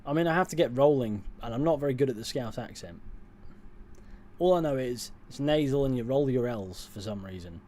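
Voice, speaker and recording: A man's voice: mid-range voice, animated, fairly quick, darkish tone. Dry-humored man chatting. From England. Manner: dry, offhand, reads chat comments aloud and answers them. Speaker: streamer reading chat. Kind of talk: casual livestream chat.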